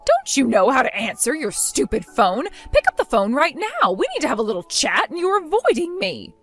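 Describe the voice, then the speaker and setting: A woman voicing a spiteful older mother-in-law who insults and orders her daughter-in-law around, in an animated story drama. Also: high voice, moderate pace, soft background music, full character voice. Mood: demanding. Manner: insulting, accusing, domineering.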